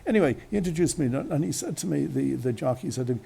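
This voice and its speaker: A man's voice: a little high, animated, rapid-fire, creaky, dark tone, husky. An Irish man, a radio host, telling a long chatty story outdoors on a windy day, full of asides and restarts. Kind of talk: rambling anecdotal storytelling. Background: wind.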